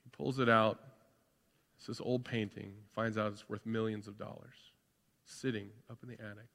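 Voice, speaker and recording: A male pastor preaching a sermon, moving between loud, excited preaching and quiet, intimate tones. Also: on the low side, moderate pace, creaky. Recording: long hall reverb.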